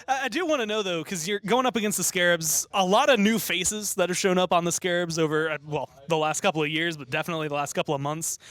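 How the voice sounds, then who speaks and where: High-pitched guy interviewing a player, rambly questions, dry sound. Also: fast talker, few pauses, fairly bright tone, no echo.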